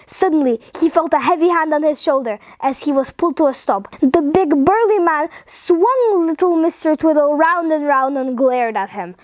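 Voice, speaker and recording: A woman reading a funny children's story aloud, cheerful and expressive. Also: high-pitched, moderate pace, few pauses, no echo, studio quality. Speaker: storybook reader.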